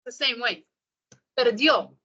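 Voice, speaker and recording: A woman tutor on a video call, modelling words for her student and cheering him on. Her voice is bright and a little high, and the audio comes through dull and lo-fi. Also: expressive, takes it slowly, slightly rough. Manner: encouraging, corrects pronunciation by repeating words. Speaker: Spanish tutor. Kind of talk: online one-on-one lesson.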